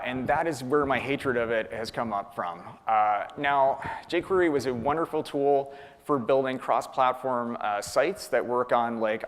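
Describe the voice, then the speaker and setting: A man from Canada speaking at a tech conference, casually answering audience questions with frequent ums and uhs. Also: mid-range voice. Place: conference hall. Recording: long hall reverb.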